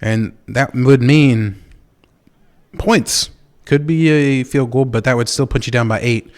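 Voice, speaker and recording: A man casting a video game football match, calling plays in a relaxed, chatty way with bursts of excitement. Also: mid-range voice. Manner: casual, chatty calls with quick bursts of excitement. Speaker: esports caster. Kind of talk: play-by-play commentary.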